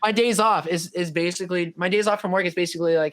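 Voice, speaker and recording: A man's voice: sits high, fairly even intonation, fast, fairly bright tone. A young adult man, a musician guest on a podcast, chatting casually and enthusiastically agreeing with the hosts.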